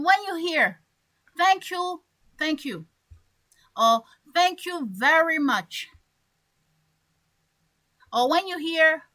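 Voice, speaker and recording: A woman teaching English to learners online. Her voice is high and bright, and she speaks slowly. She stretches out key words and acts out little scenes to make her point. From French-speaking Africa. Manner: stresses words by drawing them out, acts out examples. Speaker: English coach.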